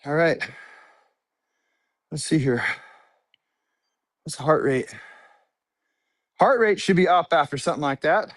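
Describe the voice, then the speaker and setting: A man's voice: a little high, animated, measured pace, pauses often, dry recording, clean studio sound. A man coaching a workout class, cueing moves and counting reps while exercising, at times out of breath. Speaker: fitness coach. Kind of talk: live workout instruction.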